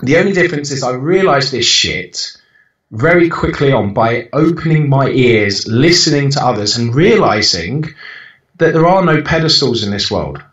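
A man's voice: medium pitch, big pitch swings, moderate pace, a bit bright. A man in his thirties talks bluntly and animatedly as a podcast guest, swearing casually and restarting his sentences. His voice sits back from the mic in an echoey room, and the recording sounds dull and lo-fi. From United Kingdom. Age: 30s. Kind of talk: casual interview chat. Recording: roomy, distant and dull-sounding.

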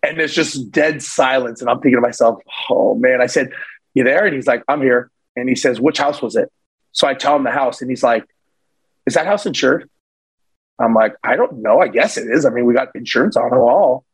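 A man guest on a podcast, telling a story in a casual, animated way and acting out the voices of the people in it. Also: medium pitch, a little fast, slightly rough, rough recording. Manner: animated, acts out voices in his stories. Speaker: podcast guest, real estate investor.

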